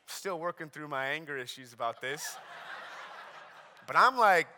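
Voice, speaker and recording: Male pastor, 30s, high bright voice, animated storyteller, big reverberant room. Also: a little slow, pauses often. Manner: storytelling, animated, self-deprecating humor. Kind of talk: sermon.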